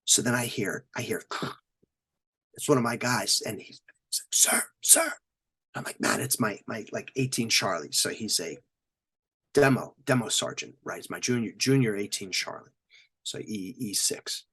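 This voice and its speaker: Husky-voiced man telling war stories. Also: on the low side, moderate pace. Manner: animated storyteller, acts out quotes and sound effects, swears freely. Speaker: military veteran guest. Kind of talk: storytelling in a podcast interview.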